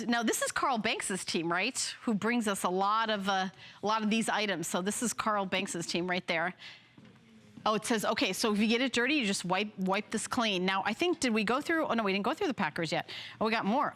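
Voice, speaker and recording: A woman's voice: mid-range voice, a bit bright. A woman in her fifties hosting a live home shopping show, chatty and rambling, often correcting herself and laughing along the way. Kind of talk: live product presentation.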